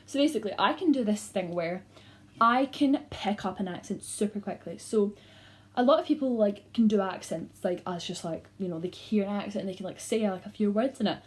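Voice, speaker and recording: Brisk and mid-range, this Scottish teenage YouTuber talks casually to the camera in a vlog, chatting away and filling her speech with lots of "like."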